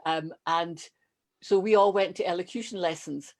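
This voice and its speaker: A woman from Stirling with a Scottish accent softened by elocution, telling stories in a casual chat over a video call. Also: lowish voice, fairly even intonation, moderate pace. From Stirling, Scotland. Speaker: podcast guest.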